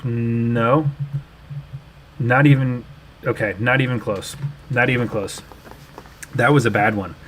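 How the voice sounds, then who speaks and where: A young man chatting casually on his own livestream, explaining and musing aloud in an easygoing way. His voice sits at an ordinary middle pitch for a man, neither high nor deep. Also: steady tone, slow pace, pauses often, fairly bright tone, a little hiss or hum. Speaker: livestream host.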